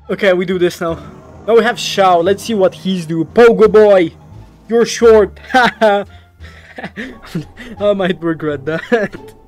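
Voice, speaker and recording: A young man who is not a native English speaker, playing a horror game and reacting out loud, easily startled and talking to the characters on screen. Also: high-pitched, slow pace, pauses often, soft background music. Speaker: gaming YouTuber.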